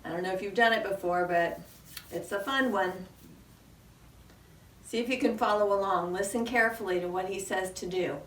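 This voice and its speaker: A woman's voice: medium pitch, moderate pace, pauses often. A woman reading picture books aloud at a children's storytime, making animal sounds and asking the young listeners questions. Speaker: children's librarian.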